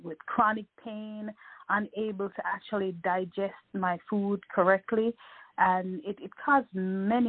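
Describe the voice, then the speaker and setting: Jamaican-born woman guest, soft-spoken, on a dry, phone-thin line. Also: mid-range voice, no echo, phone-quality sound. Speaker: wellness coach guest. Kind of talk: interview answers.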